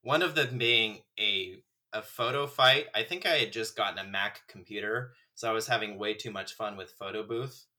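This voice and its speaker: A man's voice: on the low side, moderate pace, few pauses. A man chatting casually with a friend, telling stories with lots of laughter and acted-out quotes. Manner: animated storyteller, acts out quotes, laughs often. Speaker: friend and fellow actor. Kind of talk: casual chat, reminiscing.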